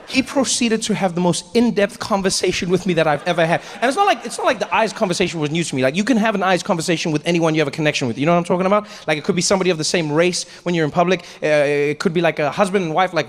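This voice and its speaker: A man's voice: sits high, quick pace. A South African man performing a stand-up comedy set, telling stories animatedly and acting out voices. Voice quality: animated storytelling, acts out voices. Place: stage in a large hall with live audience. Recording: live hall reverb with audience noise.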